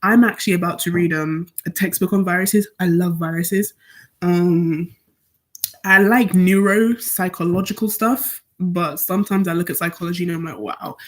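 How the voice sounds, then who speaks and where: A woman's voice: lowish voice, steady tone, normal speed. A seventeen-year-old woman from Nigeria chatting casually on a study live stream, rambling as she answers questions from her viewers. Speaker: student streamer.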